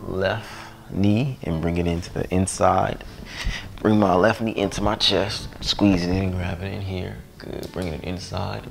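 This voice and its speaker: A man guiding a yoga class, relaxed and playful, sighing and joking between cues. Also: low-pitched, vocal fry, slight background noise. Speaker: yoga instructor. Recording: music playing behind voice.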